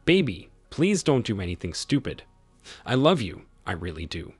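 A scared, pleading wife in a spoken story, read by a low, husky-voiced man. Her lines come in his own everyday voice. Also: very animated, normal speed, no echo, soft background music, full character voice. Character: frightened cheating wife, pleading.

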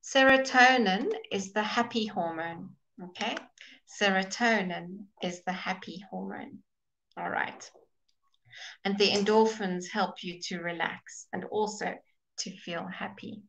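Slow, breathless woman teaching English. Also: medium pitch, a bit bright, a little hiss or hum, poor audio. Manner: slow, explaining patiently, with fillers and restarts. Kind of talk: live online language class. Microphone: webcam or computer mic.

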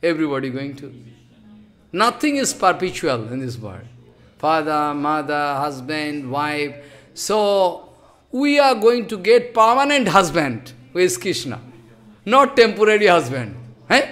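A man giving a devotional sermon as a spiritual teacher, in halting, repetitive phrases with emphatic rises and sudden soft drops. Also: fairly high pitch, very animated.

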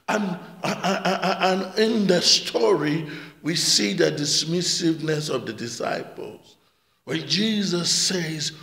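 A man's voice: a little high, takes it slowly, gravelly, fairly bright tone. A male pastor preaching a passionate sermon, repeating words and calling out amen and hallelujah. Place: church hall. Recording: echoey church hall with long reverb.

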